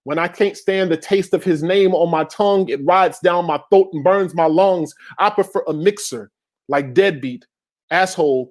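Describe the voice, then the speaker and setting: A man with a high-pitched voice performs spoken word poetry over a video call. His delivery is rhythmic and emphatic, leaning on repetition. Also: darkish tone. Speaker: slam poet.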